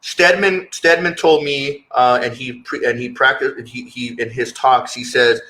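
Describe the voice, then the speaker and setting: A man's voice: mid-range voice, fairly even intonation, unhurried, hardly any pauses, bright, forceful tone, rough recording. A man speaking as a guest in a candid interview, earnest and reflective, often repeating words as he searches for his thoughts.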